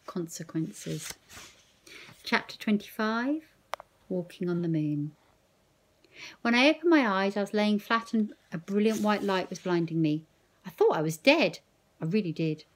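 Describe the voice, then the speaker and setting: A woman teacher reading a novel aloud in first person, slow, measured and expressive. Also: medium pitch, a little hiss or hum.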